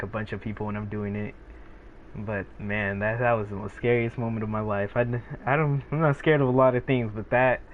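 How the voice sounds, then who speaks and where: A teenage male gaming streamer chatting casually with viewers, rambling along with lots of fillers and restarts. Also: on the low side. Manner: rambling, laid-back, many fillers and restarts. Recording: tinny phone-like sound with faint noise.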